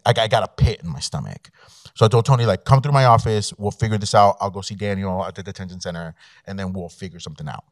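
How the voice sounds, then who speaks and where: An immigration attorney from Mexico, a guest speaker in a law school event room, tells a personal story conversationally with fillers and quoted dialogue. His low voice is captured in a dry, studio-quality recording.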